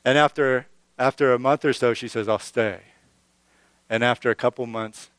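A man's voice: mid-range voice, steady tone, moderate pace, a bit bright, clear, resonant tone, no echo. A middle-aged man preaching a sermon as pastor, earnest and conversational, often restarting and building emphasis.

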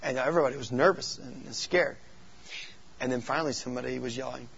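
Gravelly-voiced man telling youth-ministry stories. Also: medium pitch, fast, dull audio. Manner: animated storytelling, acts out voices in quotes. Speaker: youth pastor. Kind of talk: talk to youth workers.

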